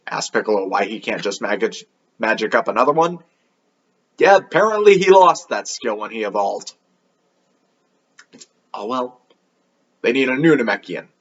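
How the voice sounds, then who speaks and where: A man's voice: on the low side, a bit bright, husky, highs cut off. A man hosting a comedic anime review show, sarcastic and swearing freely.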